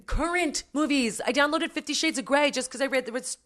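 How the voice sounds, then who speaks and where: A woman's voice: sits high, brisk, fairly bright tone. Gushing woman co-host, chatty. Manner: gushing, enthusiastic, emphatic. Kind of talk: casual podcast chat.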